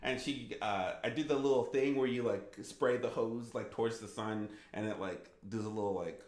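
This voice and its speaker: A man's voice: fairly low pitch, normal speed, a little mellow. A man in his thirties, a gaming streamer chatting casually and rambling with lots of "like" and restarts. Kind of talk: casual livestream chat. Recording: echoey room.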